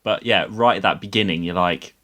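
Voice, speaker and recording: A man's voice: low voice, fairly quick, a bit bright. A man joining a podcast as a guest, chatting casually and thoughtfully. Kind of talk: casual chat.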